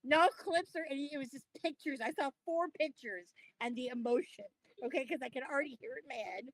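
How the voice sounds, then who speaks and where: A woman co-hosting a wrestling podcast, talking casually in an animated, profane rant. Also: sits high, quick pace, dry recording, rough recording. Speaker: podcast co-host. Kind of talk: casual chat.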